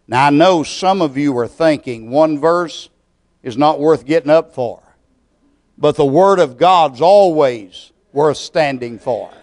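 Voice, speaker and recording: A man preaching a sermon and leading a prayer, with a deliberate, measured delivery full of pauses. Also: mid-range voice, a little mellow. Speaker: pastor.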